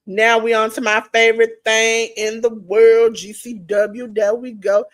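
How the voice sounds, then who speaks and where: A woman hosting a casual wrestling podcast, her voice going hoarse, chatting straight to her listeners. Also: a little high, little pitch movement, unhurried, no room sound. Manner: chatty, addresses listeners directly as ladies and gentlemen. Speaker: podcast host. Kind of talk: casual wrestling preview chat.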